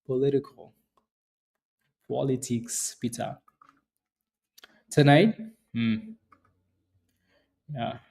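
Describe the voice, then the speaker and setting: A man's voice: medium pitch, fairly even intonation, drawn-out words, gravelly, pauses often, warm tone. A man hosting a live stock trading stream, chatting loosely and answering viewers by name, often restarting his sentences. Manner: rambling with many restarts. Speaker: stock trading livestream host. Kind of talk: live-stream market commentary.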